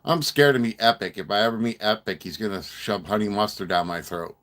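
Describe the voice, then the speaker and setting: Low-voiced man chatting on a stream. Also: a little fast, fairly bright tone, dry recording. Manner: rambling, joking, laughs often. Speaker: livestream host. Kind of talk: casual chat with live chat.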